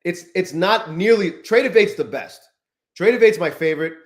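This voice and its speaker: A man's voice: high-pitched, lively intonation, normal speed, reverberant. A man hosting a live stream, chatting casually and profanely, rambling and greeting viewers in the chat. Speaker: livestream host.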